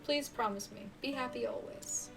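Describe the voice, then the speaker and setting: Woman doing a hushed dying mother, tender, high voice, game character, mic set back from the speaker, game music underneath. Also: normal speed, distant mic, lightly acted. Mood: tender, sorrowful.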